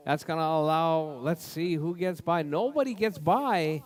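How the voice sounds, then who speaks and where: A man's voice: a little high, unhurried, few pauses. A man announcing and commenting on a small radio-controlled car race at a local track. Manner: loud calls of grid spots, chatty play-by-play.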